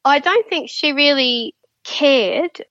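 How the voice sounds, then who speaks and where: A chatty woman with a somewhat high voice tells her stories in a relaxed interview, full of fillers and restarts. The sound is dry and a little dull, like a lo-fi remote recording. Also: slow, no room sound. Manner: chatty, many fillers and restarts, laughs often. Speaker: guest. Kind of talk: casual interview storytelling.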